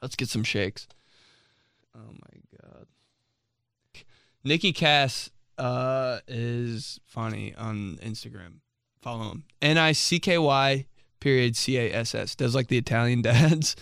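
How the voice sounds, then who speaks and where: A young man riffs through a casual comedy podcast, rambling and animated, full of fillers and goofy sound effects. His voice is bright and crisp. The recording is close and dry. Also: medium pitch, takes it slowly, no room sound. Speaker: podcast host.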